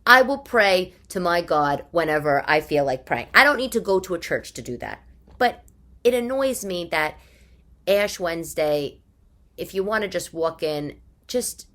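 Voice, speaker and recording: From her living room, a podcast host in her forties with a strong New York accent delivers a chatty, exasperated, wisecracking monologue. Her voice sits on the low side, animated and unhurried, with a bright, forceful tone.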